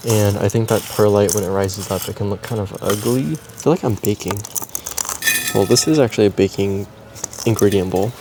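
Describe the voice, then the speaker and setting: A man vlogging about plant care in a relaxed, meandering casual chat while potting plants, with frequent ums and likes. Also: on the low side, moderate pace, noisy background.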